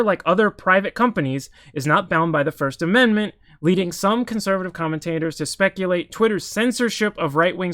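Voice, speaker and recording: A man's voice: high-pitched, fairly bright tone. A man giving casual political commentary while reacting to news articles, opinionated and heated, often restarting his sentences mid-thought.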